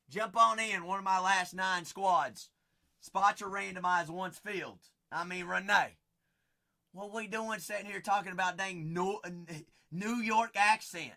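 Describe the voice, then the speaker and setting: High-voiced Southern man hyping card breaks. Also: measured pace, pushed and bright. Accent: Southern US, Kentucky. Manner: hyped, folksy salesman banter calling out cards. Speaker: live card-break host. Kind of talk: live-stream sales patter.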